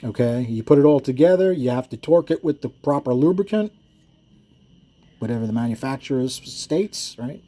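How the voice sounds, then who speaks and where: A man's voice: medium pitch, lively intonation, brisk, dark tone. A man who builds engines, explaining his work in casual, rambling shop talk that wanders into stories, with frequent self-corrections and chuckles.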